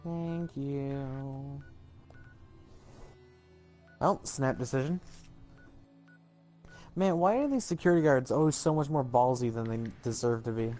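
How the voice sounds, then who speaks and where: A man's voice: mid-range voice, takes it slowly, long pauses, mellow, soft background music. A man chatting casually over gameplay, crude and teasing, rambling through his points. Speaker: gamer.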